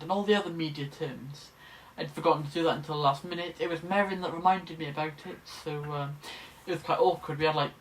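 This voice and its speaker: A man's voice: on the high side, a bit bright. A young man, chatting casually to camera from his bedroom in a rambling, self-deprecating way. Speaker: vlogger.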